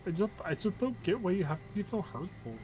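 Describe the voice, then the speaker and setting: A man's voice: very high voice, normal speed, fairly bright tone, soft background music, pitched above the performer's own voice, rough recording. A man voicing a whiny, aggrieved young male truck worker who complains in a sulky, filler-heavy way.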